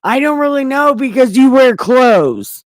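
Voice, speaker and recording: A woman voicing Adam as a whiny, defensive man who complains loudly in a raised voice. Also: animated, measured pace, no room sound, clean studio sound, lightly acted. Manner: high-pitched shouting complaints.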